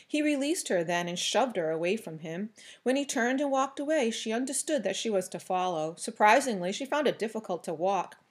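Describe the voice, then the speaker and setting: A woman reading a novel aloud in a steady, measured storytelling manner. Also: a little high, husky. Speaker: audiobook reader.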